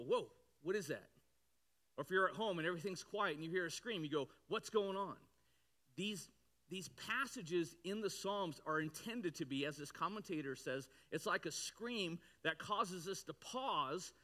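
A man with a bright, forceful voice sitting a little high preaches a sermon in a church. He talks conversationally to the congregation, then breaks into sudden loud cries to drive his point home. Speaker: pastor.

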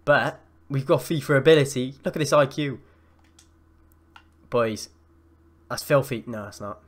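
Young man, gaming commentary, excitable, shouts at plays. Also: mid-range voice, unhurried, pauses often. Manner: excitable, yells and gasps at plays. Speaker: gaming YouTuber. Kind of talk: live gameplay commentary.

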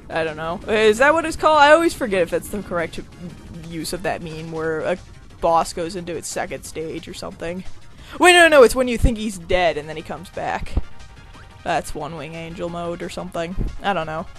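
A let's play commentator giving casual, rambling gameplay talk, excitable and quick to whine or shriek at setbacks. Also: mid-range voice.

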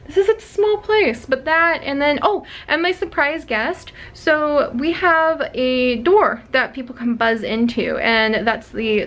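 A woman's voice: high-pitched, fairly bright tone. A young woman chatting to the camera in a casual home vlog, rambling and self-deprecating, laughing often, in a small rented apartment. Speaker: vlogger.

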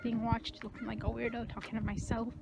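A young woman vlogging casually, rambling in a self-conscious way and often dropping to a hushed voice, filmed on a handheld phone out at a beach, in a car and at a gym. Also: on the high side, flat delivery, brisk, vocal fry, over loud music, poor audio. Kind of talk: casual vlog chat.

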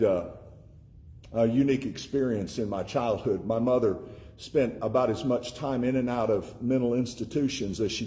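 Mellow-voiced preacher man, slow emphatic delivery. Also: medium pitch. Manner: emphatic preaching, slowing and repeating key words for stress. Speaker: pastor. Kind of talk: sermon.

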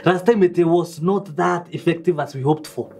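A man's voice: fairly high pitch, moderate pace, a little mellow, breathy edge. A man playing a scheming young male student who hedges with constant "eh" fillers. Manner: hesitant, full of "eh" fillers. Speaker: student in a college drama. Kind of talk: TV drama acting.

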